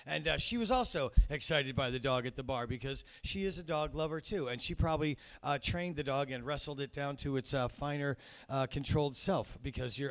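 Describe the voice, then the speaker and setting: A man in his thirties hosting a comedy show, telling a rambling, profane story with lots of fillers into a stage mic. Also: mid-range voice. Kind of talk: stand-up emcee banter.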